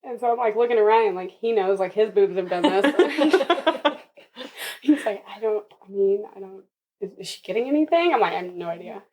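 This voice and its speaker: A woman's voice: mid-range voice, normal speed. Laughing young woman telling a birth story. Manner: animated, laughing often, acts out others' lines. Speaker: podcast guest. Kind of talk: casual storytelling.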